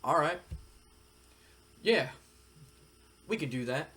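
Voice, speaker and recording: A man voicing a menacing male wrestler, speaking in a slow, threatening drawl. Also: a little high, animated, bright, forceful tone, exaggerated voice. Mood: confident.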